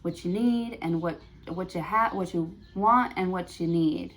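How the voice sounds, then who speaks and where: Give me a woman with a lower voice reading tarot cards in a rambling, filler-heavy way. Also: a little slow. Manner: rambling, thinking aloud with many fillers. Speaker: tarot reader. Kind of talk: prerecorded tarot card reading.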